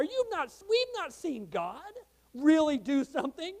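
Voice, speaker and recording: A man preaching a sermon as pastor, telling a story with passion and swinging from hushed, quiet lines to loud, urgent ones. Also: very high-pitched, very animated, a little slow.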